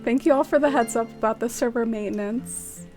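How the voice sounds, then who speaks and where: A woman's voice: a little high, a little fast, darkish tone, soft background music. A woman streaming a game, chatting casually, greeting viewers by name and using lots of "like". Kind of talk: casual live-stream chat.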